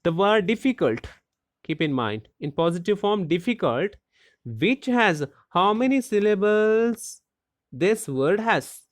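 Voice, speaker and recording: A teacher explaining a grammar lesson slowly and deliberately, asking rhetorical questions and spelling out letters. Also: medium pitch, big pitch swings, no echo, studio quality.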